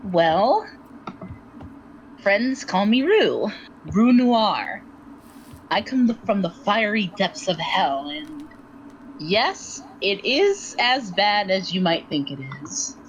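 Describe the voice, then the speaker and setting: A woman playing a proud, guarded adventurer born in hell, speaking in a measured way. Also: mid-range voice, very animated, highs cut off, a little hiss or hum.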